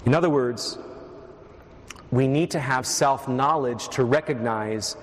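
A man's voice: mid-range voice, a little slow. A man preaching a sermon as a priest, teaching steadily with wry asides to the congregation. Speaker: Catholic priest. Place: church. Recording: echoey church reverb.

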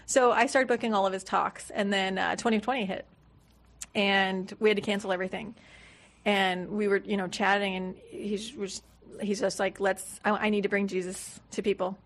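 A woman's voice: mid-range voice, flat delivery, normal speed. A woman guest in a radio studio, telling her story in a chatty way and acting out quotes of other people. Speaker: guest, business manager. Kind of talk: casual studio interview.

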